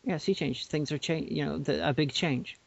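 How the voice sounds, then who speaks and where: Playful co-host with fancy words. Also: female voice, sits low, moderate pace, vocal fry, breathy edge, no echo, muffled recording. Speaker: podcast co-host. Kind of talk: casual chat.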